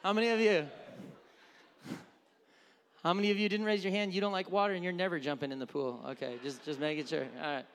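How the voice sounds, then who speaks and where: A man's voice: high-pitched, fairly even intonation, fast talker, long pauses, clear, resonant tone. A male pastor preaching a conversational sermon, asking his congregation questions. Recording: reverberant hall.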